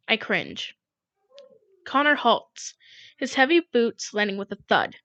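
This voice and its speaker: A woman's voice: medium pitch, sing-song, a little slow, bright, forceful tone, dry recording. Woman reading a novel aloud, lo-fi. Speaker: audiobook reader.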